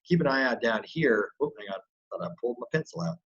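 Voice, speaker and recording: A man giving a chatty, loose screen-share software tutorial as an online business coach, with lots of fillers and restarts. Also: mid-range voice, lively intonation, fast talker, highs cut off, a little hiss or hum.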